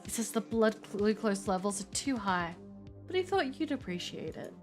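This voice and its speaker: A woman's voice: mid-range voice, very animated, normal speed, natural voice. A woman voices a cool vampire barkeep in a game, dry and teasing, over faint music. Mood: sly.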